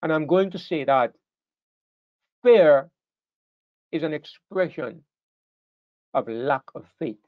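Emphatic male preacher, slightly high voice. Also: lively intonation, a little slow, no echo, narrow, tinny audio. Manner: emphatic, repeats words and restarts phrases. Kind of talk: sermon.

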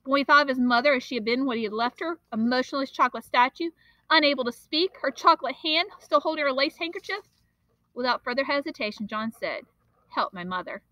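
Woman, teacher, reading a children's novel aloud, expressive, bright voice, dry close sound. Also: sits high, quick pace, no room sound, lo-fi sound. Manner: expressive, steady storytelling.

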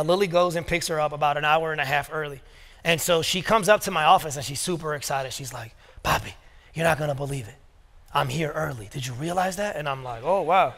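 A man's voice: on the high side, a bit bright. A man in his thirties preaching a sermon, telling family stories with casual asides and quoted dialogue. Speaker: pastor. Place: church sanctuary. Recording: long reverb of a church hall.

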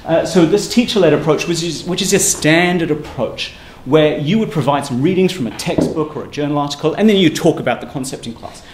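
A man giving a university seminar talk, brisk and emphatic in a conversational lecturing manner. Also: a little high. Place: lecture room. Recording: echoey room with faint ambient noise.

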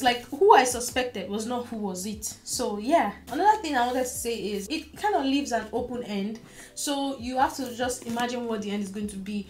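Chatty young woman reviewing books. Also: a little high. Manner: chatty, gushing, repeats words for emphasis. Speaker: book reviewer. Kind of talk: casual book review chat.

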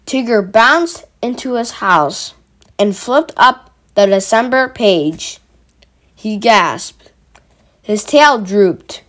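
A woman reading a children's picture book aloud as a gentle storyteller. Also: mid-range voice, expressive, slow. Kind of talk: children's read-aloud narration.

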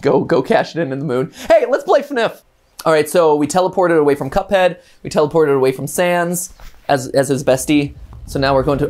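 A man hosting a gaming stream, telling an animated, casual story full of quick asides and restarts. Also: on the high side. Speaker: host. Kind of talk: casual chat before a gameplay stream.

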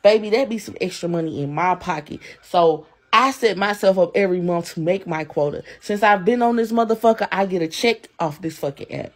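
A woman's voice: on the low side, brisk, hardly any pauses. Angry young woman ranting on a livestream. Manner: heated, profane and repetitive, answering chat. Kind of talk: angry live-stream rant.

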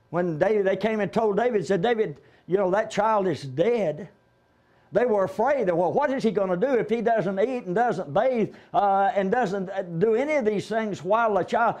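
A man's voice: sits high, a little mellow. A man preaching a conversational sermon in a church, retelling Bible stories and quoting the figures in his own voice.

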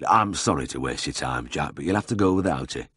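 A man's voice: very deep voice, brisk, slightly rough, dry recording, clean studio sound, exaggerated voice. Man doing a taciturn old Yorkshire farmer. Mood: quietly firm. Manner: quiet, flat, few words.

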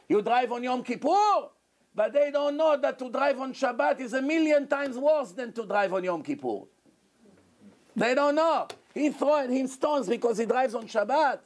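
Man, rabbi, sermon, fairly high pitched, animated delivery. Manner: animated preaching with acted-out quotes.

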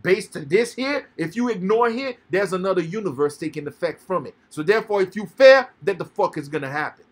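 A man's voice: high-pitched, lively intonation, a little fast, few pauses, breathy edge. A young man talking heatedly and profanely in a casual podcast chat, preaching to his listeners. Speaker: podcast co-host.

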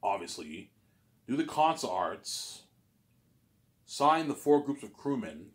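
A man's voice: mid-range voice, very animated, takes it slowly. A man rambling through a solo monologue, listing things and saying "obviously" again and again. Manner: repeats "obviously", lists things, plays both sides of a talk. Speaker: vlogger. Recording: echoey room.

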